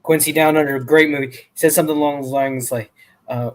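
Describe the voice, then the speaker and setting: A man's voice: fairly high pitch, steady tone, fast. A man on a livestream panel, easygoing and rambling as he retells a story. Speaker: panel guest. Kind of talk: casual stream chat.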